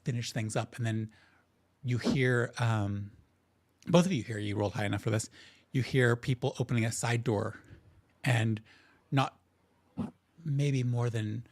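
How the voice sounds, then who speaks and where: A man's voice: mid-range voice, a little slow, long pauses. A man narrating as game master of a tabletop role-playing game, describing scenes in a rambling, improvised way with many fillers.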